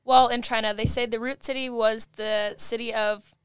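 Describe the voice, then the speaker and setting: A young woman co-hosting a casual podcast, telling news stories in an animated way with lots of fillers. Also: fairly high pitch, moderate pace, smooth, dry recording. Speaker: podcast co-host.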